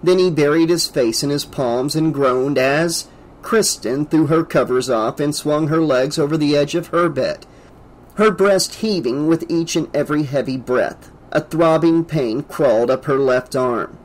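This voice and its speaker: A man reading aloud as the narrator of a horror audiobook, in a steady, measured way. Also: fairly high pitch, rough recording. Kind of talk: scripted narration.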